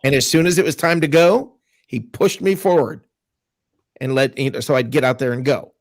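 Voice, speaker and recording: A man's voice: mid-range voice, moderate pace, no echo, clean studio sound. A man earnestly telling a story from his childhood on a sports talk show. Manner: earnest, recounting a childhood memory.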